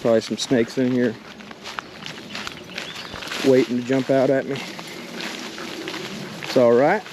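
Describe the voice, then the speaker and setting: A man vlogging as he fishes a creek outdoors, excitedly talking to the fish he catches. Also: medium pitch, slow pace. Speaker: fishing vlogger. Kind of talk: casual outdoor commentary. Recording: outdoor camera audio with water noise. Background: running water and outdoor noise.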